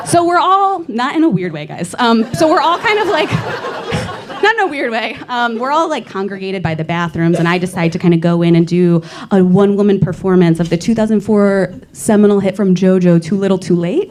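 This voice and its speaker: Performing stand-up on a comedy club stage, a young woman jokes at her own expense in a playful way and keeps bursting out laughing. Her medium-pitched voice is expressive and fairly quick.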